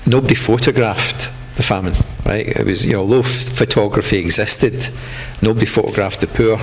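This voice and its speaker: A man's voice: lowish voice, a little fast, poor audio. A man speaking on an art panel in a gallery, talking loosely with many fillers and restarts. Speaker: panel artist. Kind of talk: panel discussion. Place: gallery room.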